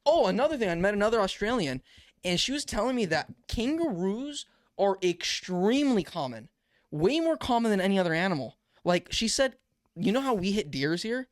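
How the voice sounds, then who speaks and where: Excitable young man, high voice. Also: fairly quick, no echo, studio quality. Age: young adult. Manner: excitable, says "bro" a lot. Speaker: podcast co-host. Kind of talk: casual chat.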